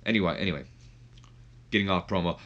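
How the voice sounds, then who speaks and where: A man's voice: sits low, fast, a bit bright, highs cut off. A man hosting a gaming video, recapping a match in a rambling way full of fillers. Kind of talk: casual game commentary.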